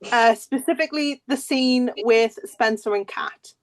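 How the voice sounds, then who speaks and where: Woman explaining her team's pick, eager and sure of herself, voice a bit high. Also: measured pace. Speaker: games night participant. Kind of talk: casual explanation.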